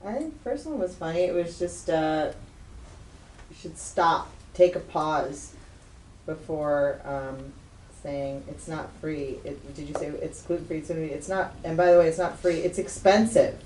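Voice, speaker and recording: A woman's voice: sits low, normal speed, a little mellow. A woman in a comedy class giving thoughtful notes on a classmate's joke. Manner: thoughtful, suggesting edits. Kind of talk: casual class feedback. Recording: echoey room, distant mic, faint noise.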